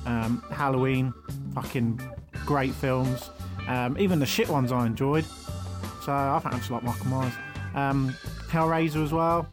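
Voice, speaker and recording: A man records a rambling question for a podcast, with lots of ums and casual swearing. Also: mid-range voice. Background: guitar music.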